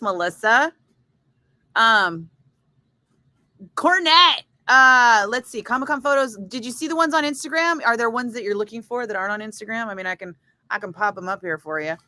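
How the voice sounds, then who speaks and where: A woman radio DJ chatting casually with viewers, telling a story in a lively, swearing style and acting out the other people's lines. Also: mid-range voice, no echo. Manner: chatty storyteller, swears freely, acts out voices. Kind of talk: casual chat.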